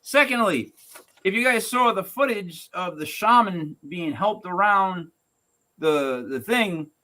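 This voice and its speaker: A male podcast host in full rant mode, his voice swinging high and low as he plays both sides of every story. The tone is bright and keen, fairly high for a man, and he never sits still in one register. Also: takes it slowly. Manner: animated, ranting, acts out quotes in shifting voices.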